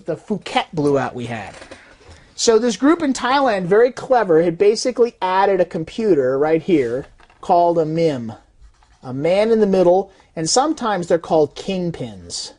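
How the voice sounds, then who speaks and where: Animated woman explaining, lively pitch. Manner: animated, acts out quoted voices. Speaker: fraud detection systems designer. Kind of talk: explanatory talk.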